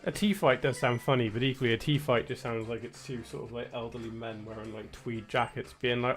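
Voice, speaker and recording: A man's voice: medium pitch, fairly even intonation, brisk, hardly any pauses. A young British man rambling wryly in casual gameplay commentary, with lots of filler words. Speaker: streamer. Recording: faint game music behind. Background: faint game music.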